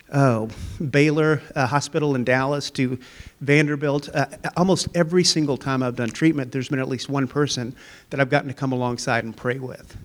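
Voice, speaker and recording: Give me an earnest man in his fifties telling his testimony in a church interview. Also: medium pitch. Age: 50s. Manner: earnest storyteller. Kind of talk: personal faith testimony.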